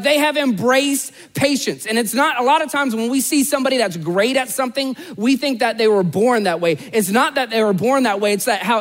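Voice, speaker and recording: High-voiced pastor preaching with a joking story. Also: male voice, fairly bright tone. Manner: conversational storytelling with self-deprecating humor. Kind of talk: sermon.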